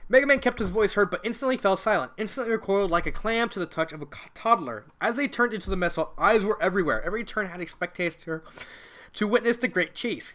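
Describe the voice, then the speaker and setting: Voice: mid-range voice, fairly bright tone. A fan fiction reader reading a story aloud casually, breaking off into rambling, giggly commentary.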